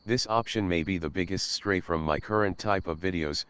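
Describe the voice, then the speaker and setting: A man's voice: deep voice, moderate pace, fairly bright tone, clean tone, dry recording, highs cut off. A young man reading a scripted, earnest announcement about his channel as its host.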